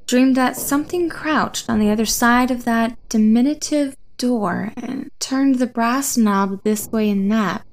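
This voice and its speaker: Woman narrator, slightly high voice, measured suspenseful horror story reading.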